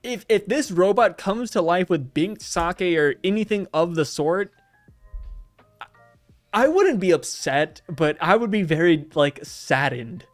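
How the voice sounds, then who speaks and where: A man hosting a casual chat, talking in an animated way with laughs and quick restarts. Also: sits high, dry recording, faint music behind. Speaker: show host.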